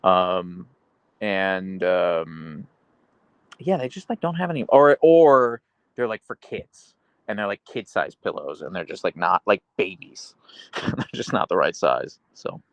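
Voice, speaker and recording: A man's voice: low voice, big pitch swings, measured pace, dry recording. Chatty man hosting a live stream. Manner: chatty, rambling, lots of fillers; baby-talks his dogs at times. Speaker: livestream host reading chat. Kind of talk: casual live chat.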